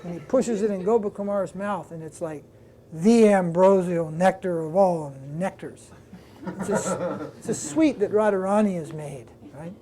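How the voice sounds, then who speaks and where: A man's voice: sits high, normal speed, mellow. A man, a swami, giving a devotional class, retelling a story in a loose, conversational way with restarts and asides to his listeners. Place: lecture room with listeners.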